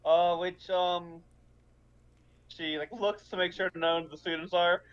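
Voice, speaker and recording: A man's voice: high voice, steady tone, a little slow, clean tone, no echo. A man playing a tabletop game, describing his character's actions hesitantly with many fillers. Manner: hesitant, laughing, lots of fillers. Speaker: player. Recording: dull lo-fi mic.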